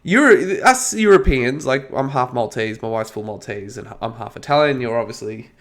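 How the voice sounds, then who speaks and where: An Australian man in his thirties hosts a relaxed podcast chat. He talks in a lively, laughing, self-mocking way while groggy from hay fever tablets. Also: mid-range voice, normal speed. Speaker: podcast host. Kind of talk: casual chat.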